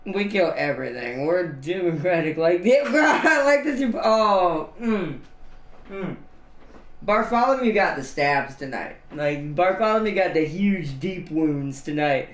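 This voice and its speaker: Man, a touch high-voiced, casual streamer, rambly and giggly, roomy echo. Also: lively intonation, takes it slowly, fairly bright tone. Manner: rambling, laughs often at his own jokes. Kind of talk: casual livestream chat.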